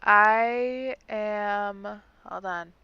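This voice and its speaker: A woman's voice: mid-range voice, steady tone, extremely slow, smooth, no room sound. Casting: a woman tabletop player, casual and swearing, on a dry, lo-fi mic. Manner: casual, chatty, swearing, many "like"s. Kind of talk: casual tabletop game play.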